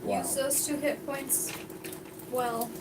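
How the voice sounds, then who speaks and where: High-voiced woman player, far off. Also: fairly even intonation. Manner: playful quick remarks. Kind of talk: casual tabletop game play. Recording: distant mic with background noise.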